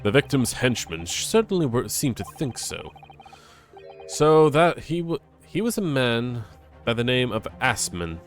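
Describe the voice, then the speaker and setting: A man's voice: medium pitch, big pitch swings, soft background music. A man reading a stern, formal older lord. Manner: measured, authoritative delivery.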